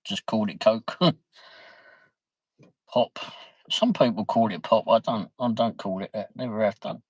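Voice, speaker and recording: A man's voice: on the low side, a little slow, slightly rough, no room sound, poor audio. A middle-aged man, chatting casually on his livestream, reading viewer comments, laughing easily and swearing mildly. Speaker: livestream host.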